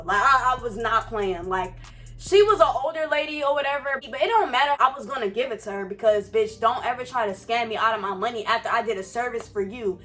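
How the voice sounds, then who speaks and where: Young woman vlogging a storytime, high bright voice, cussing and hyped, bit of music underneath. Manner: animated, profane, fired-up slang. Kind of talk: casual storytime. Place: Florida.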